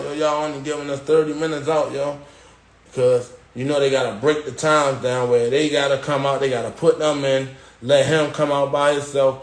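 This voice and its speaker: A man casually telling a long story on a live stream, dropping "yo" and "boom" as he goes and acting out the voices of others. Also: echoey room. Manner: animated retelling, acting out quoted guards and inmates with raised pitch; slangy, repeats "yo" and "boom". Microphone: phone.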